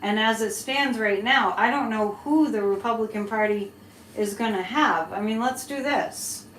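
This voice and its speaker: Woman, psychic live-streamer, chatty and rambling, fairly high voice, echoey room. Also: moderate pace, a bit bright. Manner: chatty, laughing, rambling asides to chat. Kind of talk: live-stream tarot reading and chat. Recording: echoey room, faint background hiss.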